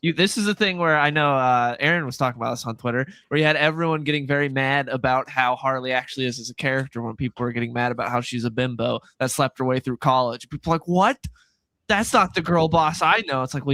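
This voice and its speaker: A man's voice: medium pitch, fairly even intonation, fast, few pauses, fairly bright tone. A man on a comics podcast panel, ranting in a dismissive tone about a comic he finds stupid. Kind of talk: casual panel chat.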